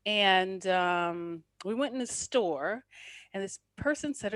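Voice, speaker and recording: A woman's voice: mid-range voice, slow pace, no echo. A middle-aged woman from New Jersey hosting a casual chat, telling stories and laughing often. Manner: laughs often, animated storytelling. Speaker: podcast host.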